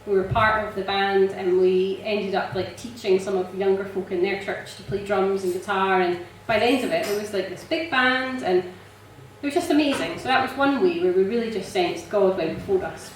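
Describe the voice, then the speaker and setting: A woman's voice: medium pitch, moderate pace, hardly any pauses, slight background noise. Woman giving an echoey church testimony. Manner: chatty and animated, often laughing, frequent ums. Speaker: church member sharing a testimony. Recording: echoey church hall, mic from a distance.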